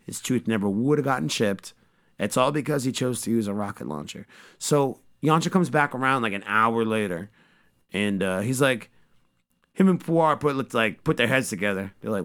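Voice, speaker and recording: Male podcast host, mid-pitched voice, swears freely, jokes his way through a casual episode recap. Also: normal speed. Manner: profane, joking, animated storyteller.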